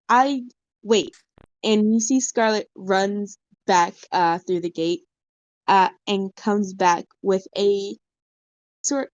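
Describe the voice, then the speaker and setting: A woman's voice: medium pitch, no room sound. Woman game master on a dull call line. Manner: narrates with many fillers. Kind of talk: narrating a tabletop game over a call. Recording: dull, dry call audio.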